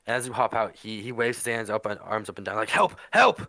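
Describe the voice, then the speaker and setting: Bright-voiced man running a tabletop game. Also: on the low side, steady tone, no echo. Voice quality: halting, casual narration with fillers. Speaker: game master.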